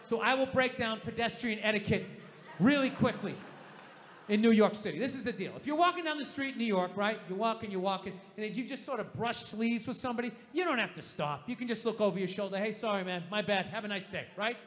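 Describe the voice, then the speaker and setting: A man's voice: sits high, fast. A middle-aged man doing a profane, ranting stand-up routine on a large outdoor amphitheater stage, speaking into a handheld mic. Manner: ranting, profane, swings into loud shouted outbursts. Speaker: stand-up comedian. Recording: echoey live amphitheater with long reverb.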